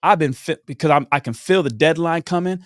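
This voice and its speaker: A man's voice: on the high side, fairly quick, no echo, clean studio sound. A man in his thirties, a podcast guest telling his story and acting out the people in it. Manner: animated, acts out the people in his stories. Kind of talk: storytelling in conversation.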